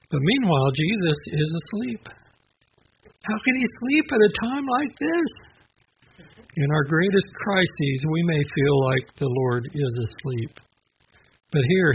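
A man with a gravelly, creaky voice gives a conversational sermon, moving from a personal memory into reflection on scripture. He talks at an easy pace, with small restarts and the odd soft laugh. The recording is dull and lo-fi, with a faint hiss behind him. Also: medium pitch. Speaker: preacher.

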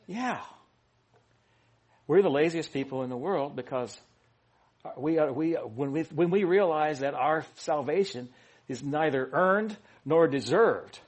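A man's voice: fairly high pitch, husky. A man preaching an informal sermon, rambling and joking, correcting himself often with many restarts. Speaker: pastor.

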